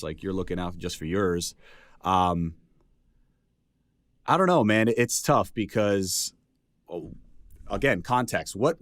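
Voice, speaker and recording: A man's voice: deep voice, dry recording. A man co-hosting a podcast in a laid-back, talkative casual chat, often laughing. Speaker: podcast co-host.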